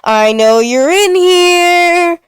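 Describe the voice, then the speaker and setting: A woman's voice: sits high, animated, normal speed, a little mellow, no room sound, voice pushed up. A woman voicing a menacing, playful male tiger animatronic that taunts in a sing-song voice. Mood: taunting.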